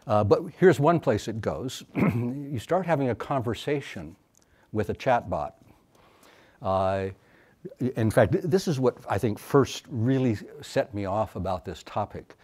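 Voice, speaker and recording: A man giving an academic lecture as a professor, talking thoughtfully and haltingly with many fillers and restarts. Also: mid-range voice, animated, a little mellow, breathy edge.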